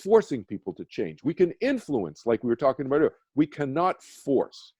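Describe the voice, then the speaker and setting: A man's voice: mid-range voice, big pitch swings, a little fast, a little mellow. A man, a meditation teacher, telling a personal story as a radio guest, earnest and rambling with many restarts. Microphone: phone or video call.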